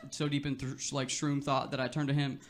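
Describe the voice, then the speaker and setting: A man's voice: mid-range voice, level tone, fairly quick. A young man doing a stand-up set on a club stage, talking in a loose, laid-back way full of filler words, with the audience laughing. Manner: laid-back, filler-heavy delivery with frequent "like" and "you know". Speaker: stand-up comedian.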